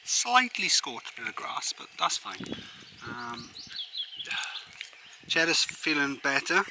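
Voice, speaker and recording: A man's voice: on the high side, very animated, slow pace, gravelly, noisy background. A man from the United Kingdom vlogging casually outdoors at a campsite, chatty and rambling with plenty of fillers. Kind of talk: casual camping vlog to camera.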